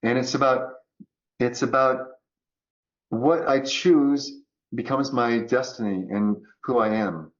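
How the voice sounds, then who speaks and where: A man talking as a podcast guest about choice and resilience, acting out quoted voices in an animated way. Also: medium pitch, slow pace, muffled recording. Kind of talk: conversational coaching talk.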